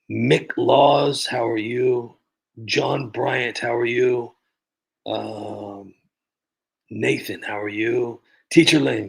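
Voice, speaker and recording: A man hosting his own livestream, rambling in a casual, halting way with frequent restarts and sighs while greeting viewers. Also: medium pitch, gravelly, husky, rough recording. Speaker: livestream host.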